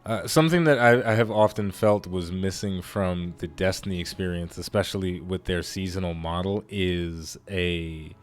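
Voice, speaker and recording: A low-voiced man narrating his own playthrough in a loose, rambling way. He gets excited at sudden moments and restarts his sentences often. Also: moderate pace, hardly any pauses, faint music behind. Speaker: let's play host. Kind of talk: casual gameplay commentary.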